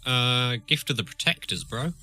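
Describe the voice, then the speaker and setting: A man's voice: medium pitch, lively intonation, moderate pace, bright, forceful tone, faint music behind. A man playing a tabletop game, talking casually and rambling with lots of fillers. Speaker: player.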